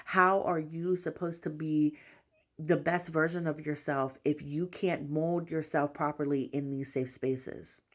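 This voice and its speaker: A woman tarot reader giving a spiritual collective reading, talking gently and reassuringly in repeated affirmations, with frequent "you know" fillers. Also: low-pitched, steady tone, unhurried.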